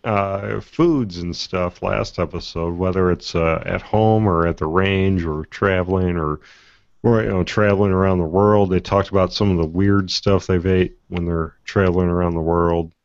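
A man hosting a podcast, talking casually and haltingly with many fillers. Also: deep voice, steady tone, dry recording. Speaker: podcast host. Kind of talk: casual chat, show segments. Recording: dull lo-fi podcast audio.

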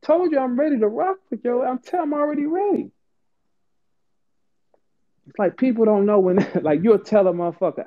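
A man hosting a heated live audio chat, profane, taunting and boastful, swinging from low mutters to high outbursts. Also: moderate pace, pauses often. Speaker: host of an online audio room. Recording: tinny phone-line audio.

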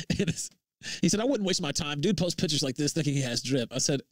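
A man with a high, swooping voice rants on a livestream. He curses heavily and gets worked up, with dry, close sound and no room around him. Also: expressive, a little fast, dry recording. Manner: profane, heated, laughs between lines. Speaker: livestream host. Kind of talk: angry livestream rant.

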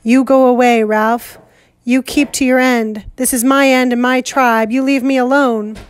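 A woman reading the part of a defiant, scornful boy chief who barks his words loudly. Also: very high voice, expressive, takes it slowly, dry recording, pitched above the performer's own voice, exaggerated voice. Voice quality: loud, scornful barking.

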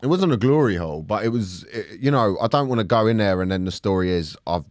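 Man, podcast co-host, lively swearing storyteller, dry close mic. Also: on the low side, quick pace, no room sound. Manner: animated, swears freely, mimics voices in anecdotes. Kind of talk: casual storytelling chat.

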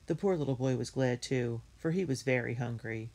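Woman storybook reader, steady and clear. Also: a bass voice, normal speed. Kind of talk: storybook read-aloud.

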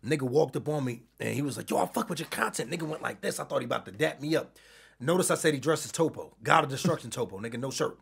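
A man's voice: medium pitch, creaky, a bit bright, breathy edge. A man chatting casually as a content creator, telling profane, rambling stories and correcting himself as he goes. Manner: profane, rambling storyteller, quick to self-correct. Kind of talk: casual storytelling chat.

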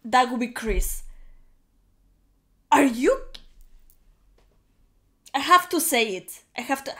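A woman hosting a reaction video, talking in an excitable, gushing way with repeated exclamations and restarts. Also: sits high, takes it slowly, pauses often.

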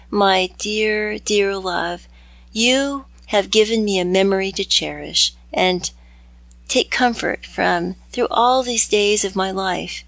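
A woman's voice: medium pitch, creaky, fairly bright tone, no room sound. A woman reading aloud as a tormented young man in a storybook, grave and melancholy. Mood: tender. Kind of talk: audiobook reading.

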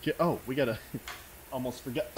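A man streaming a game live, his pitch leaping all over as he whoops and shouts thanks to donors. He talks at an unhurried pace and is sometimes out of breath from the excitement. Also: a little hiss or hum. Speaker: gaming streamer.

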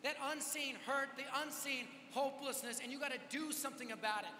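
A man with a very high, sharply bright voice tells a story as a sermon, energetic and quick to poke fun at himself. His voice rings through a large hall with a long reverb and a faint hum of ambience behind it. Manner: energetic, self-mocking storytelling. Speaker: youth event preacher. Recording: echoey hall with live reverb.

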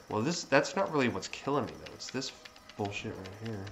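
A man giving live commentary on his own gameplay, swearing constantly and breaking into excitable outbursts. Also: medium pitch, a little fast. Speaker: let's play streamer. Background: game music.

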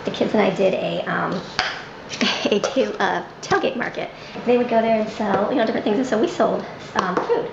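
A woman's voice: medium pitch, normal speed, creaky, echoey room. Chatty cooking vlog lady, dull lo-fi sound, noise behind her. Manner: rambling, chatty narration of cooking. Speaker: home cooking vlogger.

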